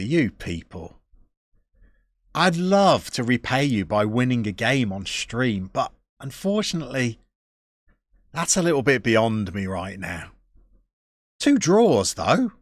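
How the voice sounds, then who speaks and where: A man with a gravelly, creaky voice chats his way through a live game stream at an unhurried pace. His pitch swings around a lot as he reads out viewer messages, and he comes across as chatty and self-deprecating. The sound is close and dry. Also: big pitch swings, dry recording. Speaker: Football Manager streamer.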